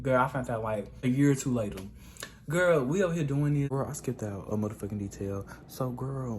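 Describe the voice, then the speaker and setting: A young man in a casual storytime vlog, with an ordinary mid-pitched voice. He talks in a gossipy, chatty way and keeps calling the listener "girl". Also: background noise. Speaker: vlogger.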